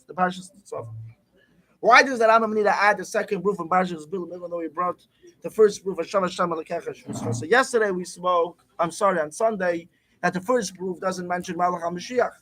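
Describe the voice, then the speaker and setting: A man's voice: high-pitched, brisk, a bit bright, low-quality recording. A man teaching a Torah class, reading the text aloud, then asking and answering his own questions.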